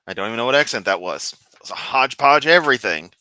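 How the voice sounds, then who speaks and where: A man's voice: medium pitch, lively intonation, racing, few pauses, sharp tone, dry recording. A man doing reaction commentary on a clip, making wry, sarcastic quips.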